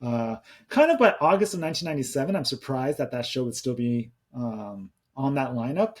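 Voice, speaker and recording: A man's voice: mid-range voice, expressive, fairly quick, husky. A man in his thirties hosting a podcast, chatting casually in a rambling way, often restarting his sentences. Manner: rambling, conversational, with many restarts. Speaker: podcast host. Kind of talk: casual solo podcast talk.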